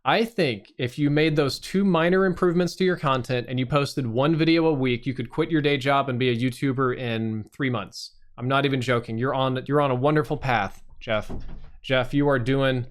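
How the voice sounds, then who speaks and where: A man's voice: medium pitch, fairly even intonation, moderate pace. A man hosting a live stream, reviewing channels with blunt, casual and sometimes profane critique.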